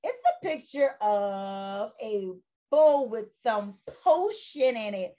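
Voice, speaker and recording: Slow, high-voiced phonics teacher. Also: female voice, sing-song. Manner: slow, sing-song, drawn-out sounds, encouraging. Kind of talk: phonics lesson for young children.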